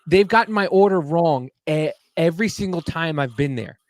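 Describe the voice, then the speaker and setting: A man's voice: on the high side, moderate pace, no room sound. A man in his forties in a casual podcast chat, telling stories animatedly and acting out scenes. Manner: animated storyteller, acts out scenes.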